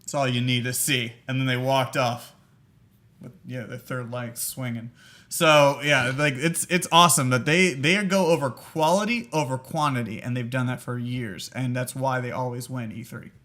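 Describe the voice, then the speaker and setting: A man's voice: mid-range voice, moderate pace. A man co-hosting a casual show, laughing often and telling stories animatedly. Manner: laughs a lot, animated storytelling. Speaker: co-host. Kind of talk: casual podcast banter.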